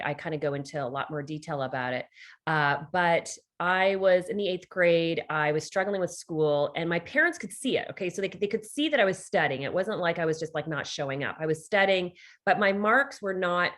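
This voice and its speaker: A middle-aged woman with a Canadian accent, a podcast guest telling stories with lively quoted voices. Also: on the low side, a little fast. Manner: animated storytelling with quoted voices. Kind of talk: podcast interview.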